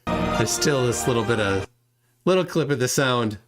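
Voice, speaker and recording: A man's voice: mid-range voice, animated, moderate pace, soft background music. A man hosting a live stream debate, exasperated and mocking toward his guest. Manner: exasperated, laughs at clips. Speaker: channel host.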